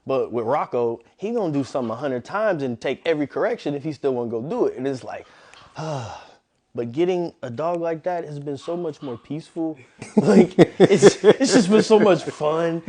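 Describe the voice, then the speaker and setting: A man who trains dogs, talking casually in an interview and telling animated stories in which he acts out what other people said. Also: a little high, brisk. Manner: animated storyteller, acts out quoted voices. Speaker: dog trainer, guest.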